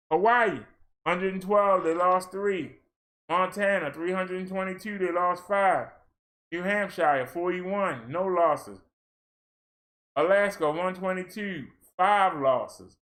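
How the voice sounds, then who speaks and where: A man's voice: high-pitched, fairly bright tone. A man from Maryland on a casual livestream, reading a long list of numbers and breaking in with playful asides and exclamations. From Maryland, USA. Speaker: fitness streamer. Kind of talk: casual livestream rundown of daily figures.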